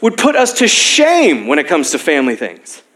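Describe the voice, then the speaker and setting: A man's voice: fairly high pitch, wildly swooping pitch, normal speed, a bit bright. A young man preaching a sermon as pastor, telling personal stories with self-deprecating humor and frequent laughs.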